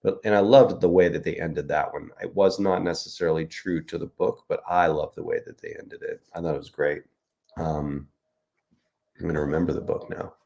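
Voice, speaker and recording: A middle-aged man hosts a casual live-stream, joking and chatting through viewer comments. His voice is low and gravelly. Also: steady tone, a little fast, dark tone. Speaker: host.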